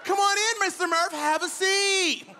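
A male comedian voicing an overexcited female schoolteacher who greets a visitor like a game-show host, loud and drawn out. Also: extremely high pitch, measured pace, a faint crowd, a little hiss or hum, pitched above the performer's own voice, full character voice. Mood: gushing. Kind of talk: stand-up comedy impression.

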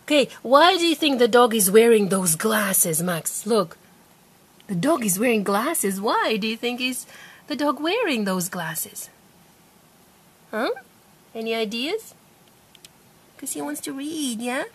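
A fairly high-pitched woman with a lively, swooping voice runs a patient phonics lesson at home. She speaks slowly and clearly, repeating each word and coaxing a child to say it back. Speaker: parent teaching a child to read.

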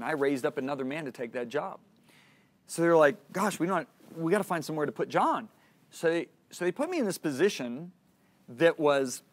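A middle-aged man teaching a Christian lesson, telling a personal story in an earnest way and acting out the lines of the people in it. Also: on the high side. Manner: earnest storytelling, acts out dialogue.

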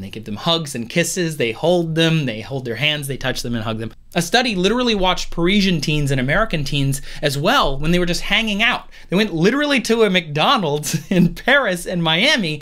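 Lively, playful male science host. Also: a little high. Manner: playful, animated, jokey asides. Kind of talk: casual science explainer. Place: at home.

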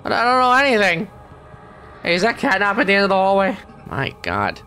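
A man's voice: sits high, fairly quick, faint music behind, voice pushed up, heavily acted. A man voicing a grumpy, weary middle-aged male squid, grumbling sarcastic commentary while playing a game. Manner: sarcastic, grumbling, deadpan asides. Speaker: let's play gamer. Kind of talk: character let's play commentary.

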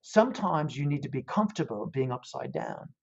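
A man putting on a calm South African adventure guide. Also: fairly high pitch, brisk. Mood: reflective. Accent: attempted South African. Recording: dull lo-fi audio.

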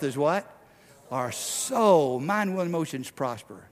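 A male pastor delivers an impassioned sermon, his slightly high voice rising to loud, driving declarations and then dropping to hushed, intimate passages. The sound rings with the long reverb of a church hall. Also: lively intonation, a little slow.

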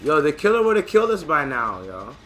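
A man casually commentating his gameplay, excitable and joking, with loud profane outbursts. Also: fairly high pitch, brisk, slight background noise. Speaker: gamer and channel host.

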